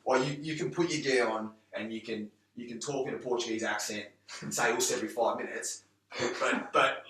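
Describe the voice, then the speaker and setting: A man with an English accent, guesting on a podcast as an MMA gym owner and coach, speaks rapidly and emphatically, swearing and tripping over many restarts to make his point. His mid-range voice has a bright, hard edge. He sounds far from the mic in an echoey room.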